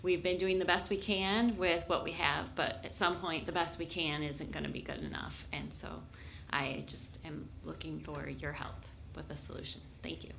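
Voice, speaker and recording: A chief judge addresses a city council in a low, gravelly voice. She speaks in a measured, plain way, pausing now and then. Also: lively intonation, a bit bright, a little hiss or hum. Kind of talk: testimony to a council.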